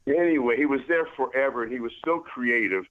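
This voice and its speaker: A man's voice: mid-range voice, a little fast. Laid-back man on a tinny phone line. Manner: relaxed, laid-back, says "man" often. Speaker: guest, former wrestler. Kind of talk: casual storytelling.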